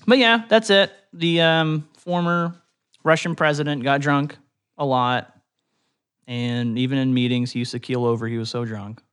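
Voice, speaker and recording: A man's voice: mid-range voice, moderate pace, a bit bright, clear, resonant tone. A young man co-hosting a casual podcast, reading odd stories aloud and laughing often. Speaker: podcast co-host. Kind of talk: casual chat, reading trivia.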